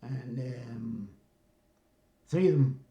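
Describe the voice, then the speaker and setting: A man's voice: mid-range voice, very slow, creaky, dark tone, muffled recording. An older man, rambling through a casual story and often asking "you know what I mean". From North East England. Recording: roomy echo.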